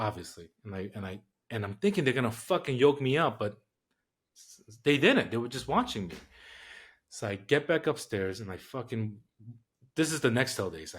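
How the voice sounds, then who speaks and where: A man's voice: mid-range voice, a bit bright. A man, a podcast guest telling a story in a casual, profane, streetwise way.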